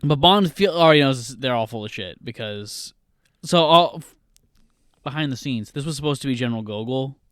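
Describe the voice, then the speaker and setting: A man's voice: medium pitch, expressive, normal speed, a bit bright, smooth, dry recording, studio quality. A man co-hosting a podcast, talking casually and loosely through a film with frequent swearing. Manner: loose, rambling, swears freely. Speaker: podcast co-host.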